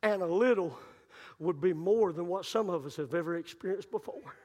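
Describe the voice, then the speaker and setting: A man preaching a sermon, telling stories and building to shouted climaxes. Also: high-pitched, normal speed. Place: church sanctuary. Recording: long reverb of a church hall.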